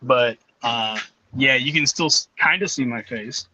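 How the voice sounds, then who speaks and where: Bright-voiced young man, joking, swearing. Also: mid-range voice, unhurried, poor audio. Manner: easygoing, swears casually, laughs at his own jokes. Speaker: guest on a call. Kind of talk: casual chat. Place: campsite. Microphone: online call.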